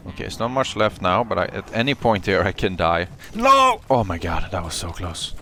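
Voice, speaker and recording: Deep gravelly gamer yelling at his screen. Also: fairly quick, slight background noise. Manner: excitable, swings between muttering and yelling; curses often. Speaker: gameplay streamer. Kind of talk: live gameplay commentary.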